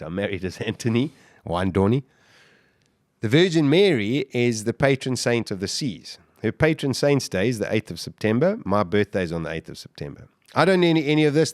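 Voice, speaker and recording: A man, a podcast guest, telling his own survival story in the first person, animated, with restarts and sudden bursts of emphasis. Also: fairly low pitch, no room sound, studio quality.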